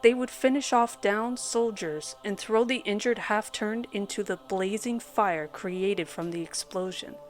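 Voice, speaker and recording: A woman narrating a first-person horror story in a dramatic, measured storytelling manner. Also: medium pitch. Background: soft background music.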